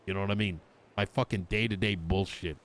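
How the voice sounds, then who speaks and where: A man with a low-sitting, fairly bright voice keeps a steady tone and a brisk pace. He's in character as a politician during an online roleplay, exasperated and swearing while he retells a quarrel with quoted exchanges.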